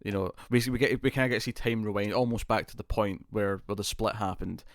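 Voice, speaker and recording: British guy recapping a tv episode, kinda rambly, deepish voice, dry sound. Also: steady tone, fast, no echo. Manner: rambling, acts out characters' lines with laughs. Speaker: podcast co-host. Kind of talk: casual TV review chat.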